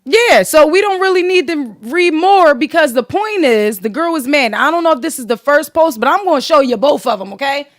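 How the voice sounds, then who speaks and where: Sassy high-voiced woman podcast host. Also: moderate pace, no room sound, clean studio sound. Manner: sassy, profane, animated gossip. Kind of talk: casual commentary podcast.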